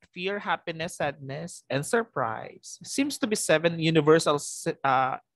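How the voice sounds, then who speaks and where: A man with a Filipino accent teaching a recorded lesson, his voice sitting a little high for a man. He moves between Tagalog and English, often checks in with a quick question, and chuckles now and then. The sound is dry and close. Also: vocal fry, a bit bright, dry recording, low-quality recording. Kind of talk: recorded lecture.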